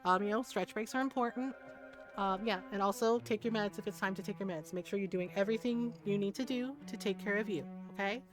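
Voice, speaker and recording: A woman's voice: mid-range voice, brisk, over music. A woman in her forties streaming a game, talking with her chat in a frank, heated way, swearing freely and laughing often. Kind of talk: casual livestream chat.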